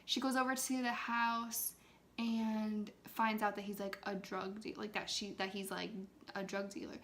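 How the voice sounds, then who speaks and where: A woman's voice: mid-range voice, flat delivery, moderate pace, a bit bright, slight background noise. A young woman chatting casually to her viewers as she retells a film, filling her talk with "like" and sometimes dropping into a whisper. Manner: loose and chatty, many "like"s, drops into whispers now and then. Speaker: ASMR creator talking to viewers.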